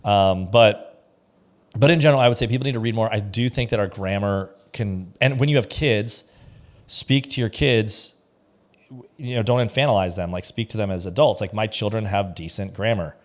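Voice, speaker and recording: Pastor guy on a podcast, kinda low voice, real opinionated and emphatic. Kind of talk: casual podcast discussion.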